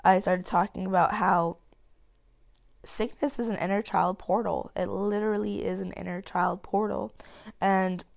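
A woman's voice: mid-range voice, steady tone, measured pace, gravelly. A nineteen-year-old woman hosting a solo podcast, rambling candidly with plenty of fillers and casual swearing while getting over a cold. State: sick with a cold. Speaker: podcast host.

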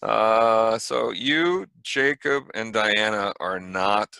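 A man running a tabletop game as game master from home over a video call, relaxed, with fillers and dry asides. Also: lowish voice, slow, creaky, clear, resonant tone, dry recording.

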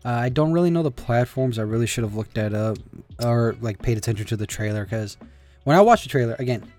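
A man's voice: mid-range voice, lively intonation, fast, a little mellow, soft background music. A man hosting a casual solo talk show, rambling with restarts and swearing.

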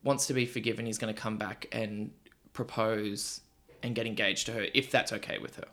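A man's voice: lowish voice, fairly even intonation, a little fast, sharp tone. A man hosting a podcast, chatting casually and retelling stories. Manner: chatty, storytelling. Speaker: podcast host. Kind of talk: casual chat.

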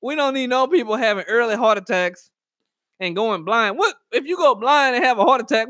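A high-pitched man rambles through a comedic rant in a dry, close recording. He talks in an animated way and keeps cracking himself up as he riffs. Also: brisk, dry recording. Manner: animated, rambling, laughs at own jokes. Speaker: comedic vlogger. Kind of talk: casual comedic monologue.

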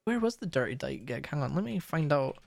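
A young man telling gig stories in casual chat, animated and full of swearing. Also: on the high side, a little fast, vocal fry, no room sound, clean studio sound.

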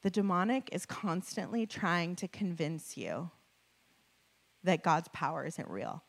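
A woman preacher giving a sermon to a live audience, telling a personal story in a conversational, animated way with frequent laughs and fillers. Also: lowish voice, measured pace, creaky. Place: before a live audience with slides.

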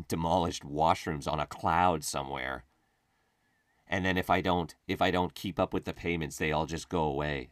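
A man with a very low voice rants through a casual comic monologue, sarcastic and freely profane. The sound is dry and close, with no room echo. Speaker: podcast host.

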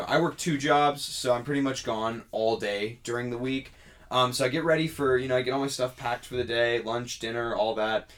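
A man co-hosting a podcast, casually telling a long story and acting out the other people's lines. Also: mid-range voice. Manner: animated storyteller acting out dialogue. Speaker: podcast co-host.

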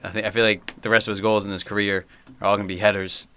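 A man's voice: lowish voice, level tone, rapid-fire, bright, forceful tone, smooth. A man co-hosting a casual soccer podcast, bantering and laughing with friends. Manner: banter-heavy, laughs often. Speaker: podcast co-host. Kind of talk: casual chat.

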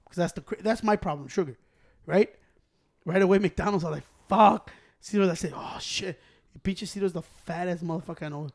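A man's voice: sits high, a little fast. A man telling a profane story in casual chat, switching into Spanish and acting out the people in it. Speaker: storyteller among friends.

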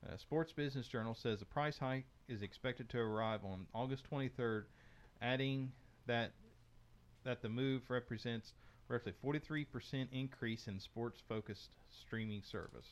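A man's voice: medium pitch, moderate pace. Chatty man hosting a tech podcast. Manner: reads news items aloud with frequent fillers. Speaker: podcast host. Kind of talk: casual tech news chat.

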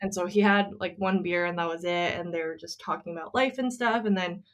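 A woman's voice: on the low side, fast talker. A woman co-hosting a casual podcast, retelling a friend's story in a chatty way with lots of fillers. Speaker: podcast co-host.

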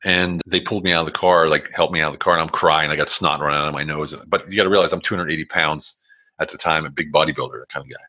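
A very deep voice, fast delivery, sharp tone and fairly even intonation mark this man in his forties. He's a guest telling his life story in rambling, blunt, casual speech with plenty of swearing, frequent fillers and restarts, and quotes he acts out.

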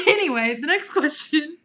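A woman's voice: sits high, sharp tone. A young woman co-hosting a podcast at home, chatting casually and laughing often between lines, close to the mic. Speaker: podcast co-host. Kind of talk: casual chat. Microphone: podcast microphone up close.

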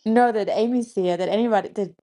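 A woman hosts a relaxed conversation, curious and quick with blunt follow-up questions. Her voice sits at a middle pitch with a mellow, warm tone. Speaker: podcast host. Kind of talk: casual chat.

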